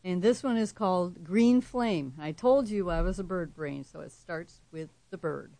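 A woman poet reading her own poem and then talking about it as an interview guest, soft-spoken with slow, measured emphasis. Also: fairly low pitch, lively intonation, no room sound. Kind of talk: poetry reading and interview answers.

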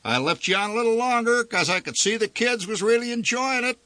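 A man's voice: extremely high pitch, expressive, a little fast, pushed and bright, no room sound, voice pushed up, exaggerated voice. Man doing a folksy carnival ride operator. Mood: jovial.

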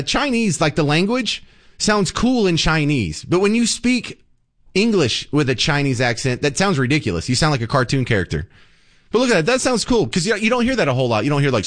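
Male talk radio host, casual joking monologue, animated delivery, studio mic. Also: mid-range voice, quick pace. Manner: joking, animated, with frequent restarts. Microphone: studio broadcast mic.

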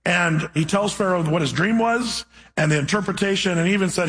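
A man preaching a sermon, reading scripture and then retelling the story with animated, playful asides. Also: high-pitched, fairly quick, rough recording.

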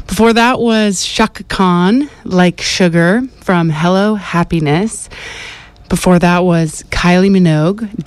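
A woman's voice: on the low side, dry recording. A woman DJ back-announcing songs from a radio studio while she dances along. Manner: relaxed back-announcing of song lists; dancing while talking. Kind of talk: radio music show links.

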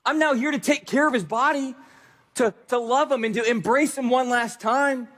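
A man's voice: very high voice, normal speed, fairly bright tone, pitched above the performer's own voice. A man preacher voicing a grieving woman at a tomb, pleading in short, breaking cries. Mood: anguished.

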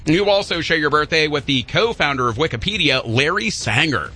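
Lively bright-voiced male radio co-host. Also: fairly high pitch, a little fast, husky. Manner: jokey, reads birthday list with playful asides. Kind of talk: casual radio chat.

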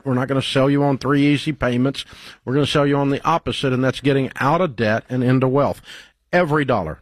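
A man's voice: mid-range voice, no echo. A man hosting a call-in advice radio show, speaking in an emphatic, salesy way. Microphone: studio mic.

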